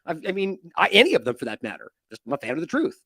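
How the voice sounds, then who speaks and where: A man's voice: on the high side, very fast, husky, no echo, studio quality. A man hosting an independent news show, giving indignant, mocking commentary on the news. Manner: animated, indignant, mocking with sarcastic quotes.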